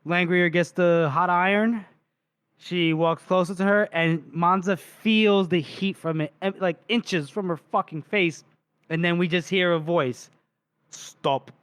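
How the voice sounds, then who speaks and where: A man co-hosting a casual book podcast, with a slightly higher voice than most men. He recaps the chapter with animated energy and slips into the characters' lines as he tells it. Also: smooth. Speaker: podcast co-host.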